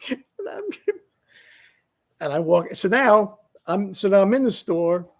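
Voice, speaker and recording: A man's voice: high voice, creaky, husky. A middle-aged man vlogging in a casual, rambling, self-mocking way, laughing often as he talks. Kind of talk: casual vlog monologue.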